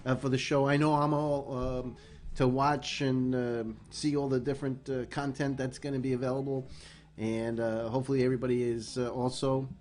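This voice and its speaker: A man's voice: mid-range voice, flat delivery, moderate pace, a little mellow. A man hosting a casual chat over a video call, joking around and laughing often. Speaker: host.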